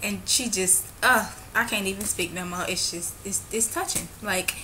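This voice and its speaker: Gushing excitable woman vlogging. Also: mid-range voice, moderate pace, slight background noise. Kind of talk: casual vlog monologue.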